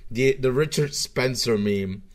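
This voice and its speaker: A man streaming and reacting to clips, swearing and mocking, swinging from mutters to loud outbursts. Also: mid-range voice, measured pace. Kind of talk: casual profane commentary. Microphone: webcam setup microphone.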